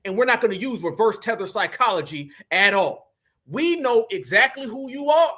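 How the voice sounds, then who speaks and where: A man's voice: high voice, big pitch swings, normal speed, pushed and bright. A man hosting a live stream, talking in a fiery, preachy way and calling his viewers family. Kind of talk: heated live commentary.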